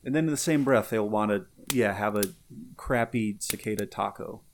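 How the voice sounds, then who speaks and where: A man co-hosting a podcast in casual chat, rambling with lots of fillers and getting animated. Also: lowish voice, normal speed, background noise. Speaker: podcast co-host.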